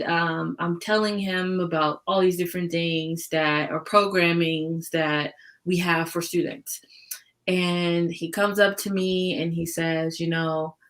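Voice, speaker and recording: A woman's voice: on the low side, a bit bright. A woman in a book club discussion on a video call, talking casually and hesitantly, searching for words and laughing often. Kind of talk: casual chat.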